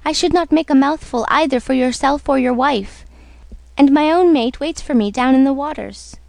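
A woman's voice: sits high, moderate pace, vocal fry, a little mellow, no echo. A woman voicing a small, obliging male golden fish in a storybook reading, with an offhand manner. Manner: offhand, easygoing.

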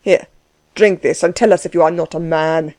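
A woman's voice: deep voice, steady tone, moderate pace, dry recording, natural voice. A woman reading the part of a blustering, domineering middle-aged German man who mocks and orders others about. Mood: mocking. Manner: loud, bossy, laughing scorn.

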